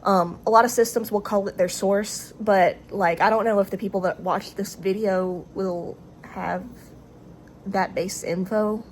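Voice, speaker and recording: Woman, Southern US drawl, halting self-recorded vlog talk, mid-range voice, faint background noise. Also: medium pitch, fairly even intonation. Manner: hesitant, halting, full of fillers and restarts. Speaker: vlogger speaking to camera. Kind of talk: casual rambling monologue. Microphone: camera recording herself.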